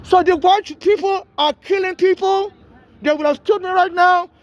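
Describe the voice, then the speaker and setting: A man with a strikingly high-pitched voice, talking straight to camera. He rambles and pleads, circling back and repeating himself with urgency. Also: steady tone, normal speed. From Nigeria. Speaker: homeless man filming a plea. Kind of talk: urgent direct-to-camera plea.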